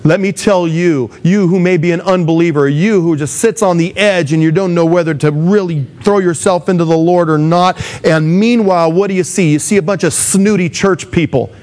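A man's voice: high-pitched, brisk, hardly any pauses, a little mellow. A man delivering a sermon as a pastor, speaking with emphatic rises and acting out the words of the people he quotes.

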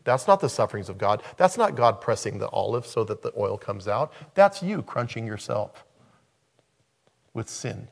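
A man's voice: fairly low pitch, sing-song, normal speed, vocal fry. A man preaching a sermon as a pastor, emphatic and repeating key phrases for weight.

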